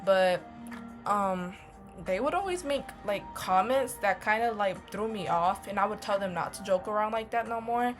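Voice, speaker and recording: A young woman talks straight to camera in a casual storytime vlog, blunt and full of slang and cursing. Her voice sits at a middle pitch for a woman. Faint music plays under her. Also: moderate pace. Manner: blunt, swears heavily, slangy and animated. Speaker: vlogger.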